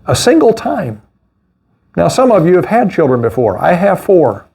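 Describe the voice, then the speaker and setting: Man, pastor, sermon, high voice, animated, scoffing asides. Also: normal speed, gravelly, breathy edge. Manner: animated preaching with mocking asides and laughs.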